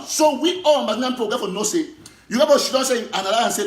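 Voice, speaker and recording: Impassioned high-voiced Cameroonian activist man. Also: lively intonation, fast, roomy sound. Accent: Cameroonian Pidgin English. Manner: impassioned, emphatic, repetitive. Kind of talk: political monologue.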